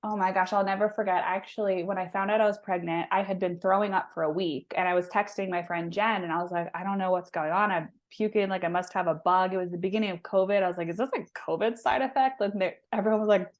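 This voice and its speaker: A woman's voice: medium pitch, fairly even intonation, quick pace, hardly any pauses. A woman in her thirties, a guest on an interview show, telling a personal story in a chatty, emotional way with many restarts. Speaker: guest, holistic health practitioner.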